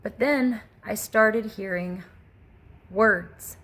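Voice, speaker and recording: A middle-aged woman giving a personal testimony in casual storytelling, earnest and halting with restarts and asides. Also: mid-range voice, a bit bright. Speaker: testimony vlogger.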